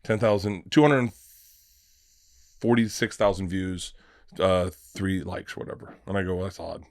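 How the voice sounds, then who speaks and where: A man who is a comedian guest on a podcast, telling stories in a casual, animated way, acting out the voices in his stories and swearing freely. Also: sits low, a little slow, dry recording, studio quality. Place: podcast studio.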